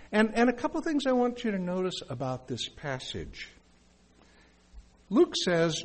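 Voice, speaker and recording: A male pastor delivers a sermon with a slightly husky voice and a lively, swinging pitch. He takes his time, speaking slowly and talking directly to the congregation with questions and asides. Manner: conversational preaching with asides to the congregation.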